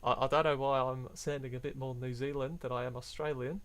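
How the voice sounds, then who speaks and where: Medium in pitch, level in tone, fairly quick and a bit bright, this European man's voice fills a casual live stream. A chatty coin hunting streamer, he reads out coin names and laughs frequently.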